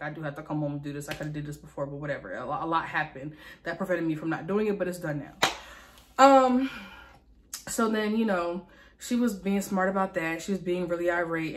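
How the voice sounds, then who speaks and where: A young woman with a slightly low voice tells a personal story straight to her viewers. She talks candidly and unfiltered, with plenty of "like" and "um" and the odd curse, as if confiding in friends. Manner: candid, venting, frequent fillers and profanity. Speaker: vlogger. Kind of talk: casual storytime vlog.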